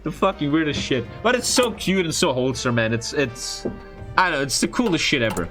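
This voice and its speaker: Animated, profane male streamer. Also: fairly high pitch, a little fast, faint music behind. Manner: profane, expressive, frequent swearing. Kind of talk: casual storytelling chat.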